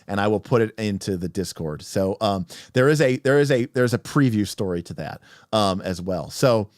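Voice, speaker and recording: A man narrating a tabletop game story on a livestream as game master, animated and rambling with restarts. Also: fairly low pitch, moderate pace, no room sound, studio quality.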